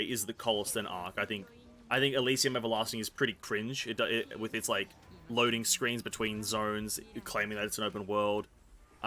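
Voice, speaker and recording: A man streams a game in an easy, rambling commentary. He often corrects himself and swears now and then. His voice sits at an ordinary middle pitch, and soft game music plays faintly behind him. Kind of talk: casual gameplay commentary while reading game text aloud.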